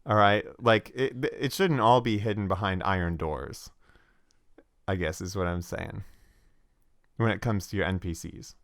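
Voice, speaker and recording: Man podcast host, casual game chat, rambling, lots of filler, low voice, dry close sound. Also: a little slow, fairly bright tone, no echo. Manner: rambling, frequent restarts and filler. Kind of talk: casual chat about tabletop games.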